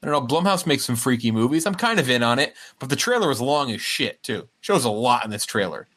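A man's voice: medium pitch, big pitch swings, fast talker, fairly bright tone. A man co-hosting a podcast in casual chat, rambling along with frequent fillers and restarts. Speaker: podcast co-host.

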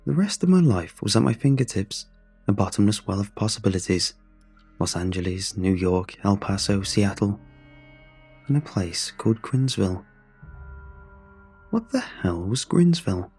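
A man narrating a scripted horror story in a measured, brooding way, with drawn-out pauses. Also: lowish voice, big pitch swings, a little mellow, slightly rough. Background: faint music.

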